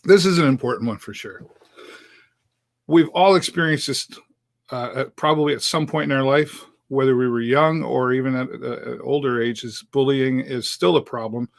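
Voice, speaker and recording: A man's voice: mid-range voice, moderate pace, vocal fry, dry recording. Chatty middle-aged male host, dry sound. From Canada. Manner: chatty, upbeat, many fillers. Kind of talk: casual live show talk.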